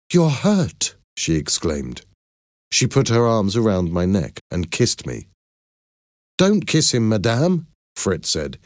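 A man narrating a first-person adventure audiobook in a measured, expressive way. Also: low-pitched, no room sound, studio quality.

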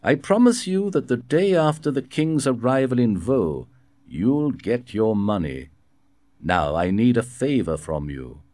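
A man reading a storybook voices a cunning musketeer, speaking in a smooth, insistent way. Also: medium pitch, sing-song, a little slow, darkish tone, no room sound, clean studio sound, pitched above the performer's own voice. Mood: scheming. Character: cunning scheming male musketeer, persuasive.

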